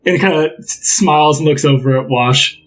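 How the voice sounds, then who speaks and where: A man's voice: on the high side, a little fast, fairly bright tone. Rambling male game master. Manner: casual, rambling, many fillers. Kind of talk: narrating a tabletop game.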